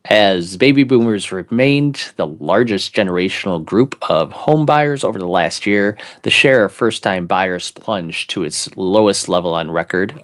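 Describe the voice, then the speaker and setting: Deep-voiced man reading in announcer voice. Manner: reads articles aloud in a mock announcer voice, joking asides. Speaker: co-host. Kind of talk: casual chat and read-aloud.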